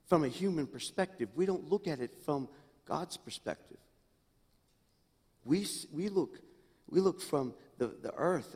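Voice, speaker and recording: Middle-aged pastor preaching in reverberant church. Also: male voice, fairly high pitch, breathy edge. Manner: swings between hushed, intimate asides and loud, rising exclamations. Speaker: senior pastor. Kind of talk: sermon. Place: church sanctuary. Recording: long reverb in a church hall.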